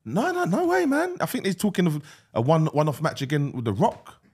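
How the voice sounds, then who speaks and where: Brief: young man, slightly raspy, very expressive pitch, loose podcast banter. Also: a little fast. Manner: lively, teasing, laughs often. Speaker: guest, interviewer. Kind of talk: casual podcast chat.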